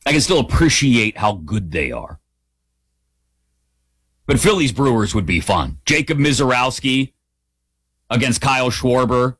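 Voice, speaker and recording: A man hosting a sports radio show, talking through his opinions in an animated, conversational way. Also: mid-range voice, a little slow, long pauses, breathy edge, no echo, studio quality. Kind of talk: opinionated sports talk monologue. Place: radio studio.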